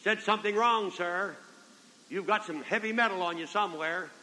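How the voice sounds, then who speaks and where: Older male revival preacher, very high ringing voice, folksy storyteller, big reverberant hall. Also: moderate pace, pushed and bright. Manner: folksy, repetitive, calls out amen and brethren. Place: large convention hall. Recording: 1970s convention hall recording with long reverb.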